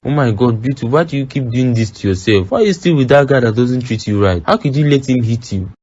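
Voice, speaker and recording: A man's voice: medium pitch, animated, fast, darkish tone, muffled recording, natural voice. An actor voicing a blunt young man who speaks to his friends firmly and directly. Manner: firm, direct.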